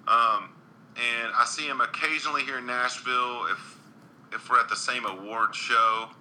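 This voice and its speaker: A man's voice: mid-range voice, steady tone, normal speed, bright, forceful tone, slight background noise, poor audio. A man, a country singer, chatting earnestly in an interview with frequent restarts and ums. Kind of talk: casual interview chat.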